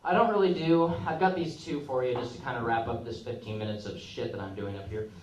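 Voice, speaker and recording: A man's voice: mid-range voice, quick pace. A young man performing a rambling, crude, self-mocking open-mic stand-up set on a comedy club stage. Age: young adult. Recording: echoey room, picked up from a distance.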